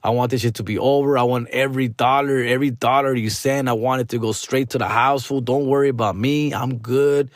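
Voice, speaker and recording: A man's voice: medium pitch, steady tone, a little fast, hardly any pauses, no echo, clean studio sound. A comedian and podcast host ranting in a casual, frustrated way, full of slang and swearing, dropping Spanish phrases into his English. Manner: frustrated, venting.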